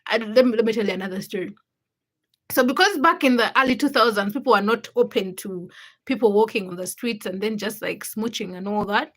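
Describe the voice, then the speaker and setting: A young adult woman hosting a livestream, telling childhood stories in a casual, animated way and greeting viewers in the chat. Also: mid-range voice, a little fast. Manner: animated storytelling, acts out quotes with laughter. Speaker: livestream host.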